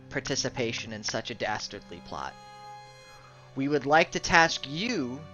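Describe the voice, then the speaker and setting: Man voicing a measured, formal official briefing a party; bright voice, muffled lo-fi audio. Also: mid-range voice, lightly acted. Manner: measured, formal, hesitant with fillers. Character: male royal official giving orders to adventurers.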